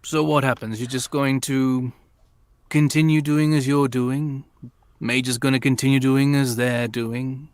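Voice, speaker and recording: A man's voice: mid-range voice, flat delivery, a little slow, clean tone, no room sound. A man playing a tabletop game who challenges another character in a skeptical way. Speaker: player.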